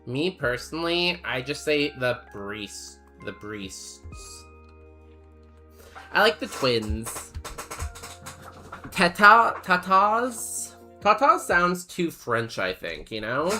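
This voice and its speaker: Soft background music plays as a young man chats with his stream audience during a game, loose and jokey and full of fillers as he reads chat. His mid-range voice is animated but slow and sharp-toned, with frequent pauses.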